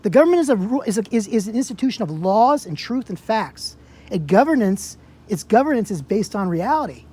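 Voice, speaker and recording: A man's voice: sits high, very animated, brisk, darkish tone, husky. A man in a heated argument on a public sidewalk outdoors, confronting an officer with repeated rhetorical questions.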